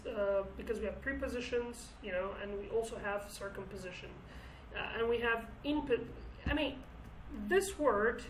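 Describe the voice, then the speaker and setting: Teaching the words of a song in English, a native Kurdish speaker works through it aloud, frequently starting phrases over and hunting for the right English words. She has a fairly high voice and sits distant from the microphone, in a room with echo and a faint background hiss.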